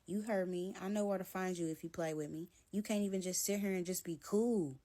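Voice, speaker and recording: A woman quoting a hostile, controlling young man in her story, crude and dismissive, without much change to her own lowish voice. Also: fairly quick, mellow, natural voice.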